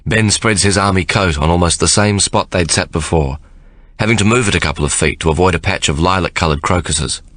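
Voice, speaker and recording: Deep-voiced male audiobook narrator. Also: brisk, fairly bright tone, no room sound, studio quality. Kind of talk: scripted narration.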